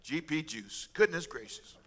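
A middle-aged man preaching a sermon as pastor, animated and humorous, with asides. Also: on the high side, moderate pace.

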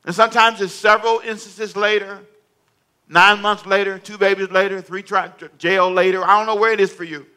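Bright, emphatic male preacher. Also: high voice, flat delivery, a little fast, clean tone. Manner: emphatic, humorous, storytelling preacher. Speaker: pastor. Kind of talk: sermon.

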